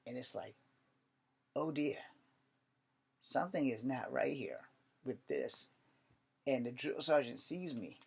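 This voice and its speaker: Brief: young man, casual profane storytelling vlog, animated delivery with loud and hushed turns. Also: medium pitch, slow, creaky, long pauses, slightly rough.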